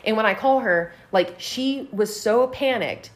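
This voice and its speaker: A woman's voice: a little high, unhurried. A woman telling a personal story on a casual podcast, swearing freely and filling her talk with "like". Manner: profane, animated, heavy use of "like".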